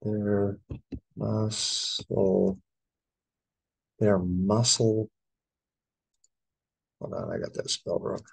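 A man's voice: fairly low pitch, little pitch movement, very slow, vocal fry, long pauses, husky, poor audio. A middle-aged American man, an English teacher, going through test answers and spelling words out letter by letter. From United States.

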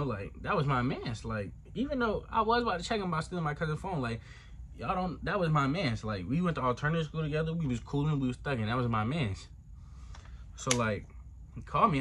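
A young man with a fairly high, fairly bright voice tells a story on his channel, and there's a little hiss or hum. The storytime vlogger keeps the monologue casual, slangy and profane, hopping into the voices of the characters.

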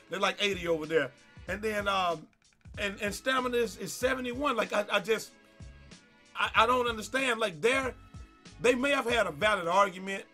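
A man's voice: high voice, bright, forceful tone. A man who makes gaming videos, ranting in an exasperated way over gameplay, with stammered repeats and swearing. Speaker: gaming YouTuber.

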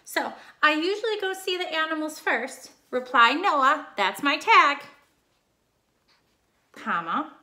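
A woman's voice: sits high, lively intonation, slow pace, pushed and bright. A woman teacher giving a recorded online grammar lesson, explaining patiently step by step.

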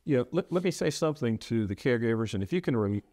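A middle-aged man, a preacher, speaking earnestly about losing his wife, halting often and restarting his sentences. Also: mid-range voice, animated, dark tone, dry recording. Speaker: preacher sharing his loss. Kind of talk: reflective interview talk.

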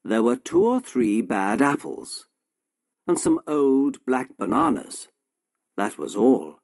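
A man narrating a story in a slow, simple, deliberate way for English learners. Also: mid-range voice, expressive, darkish tone, dry recording, studio quality.

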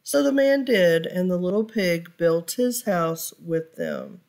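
Slow-paced woman reading a children's story. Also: fairly low pitch, very animated, a little mellow. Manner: pauses to ask listeners questions. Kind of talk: read-aloud storytime for children.

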